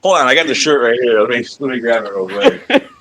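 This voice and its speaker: A man with a bright, forceful voice recounts road stories as a podcast guest. He swears freely and laughs as he talks. The pitch sits in an ordinary middle range. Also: expressive, brisk. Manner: profane, laughing storyteller. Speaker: wrestler guest. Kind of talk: casual storytelling interview.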